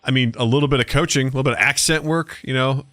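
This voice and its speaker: A man's voice: mid-range voice, steady tone, fast talker, fairly bright tone, no echo. A man co-hosting a podcast, rambling and joking in casual chat with some swearing. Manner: rambling, profane, jokey. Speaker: podcast co-host.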